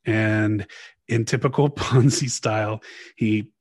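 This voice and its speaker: A man's voice: fairly low pitch, steady tone, slow pace, no echo, studio quality. A man hosting a podcast, telling a story in casual chat and reading old quotes aloud with frequent laughs. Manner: reads archival quotes aloud, laughs often. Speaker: podcast host.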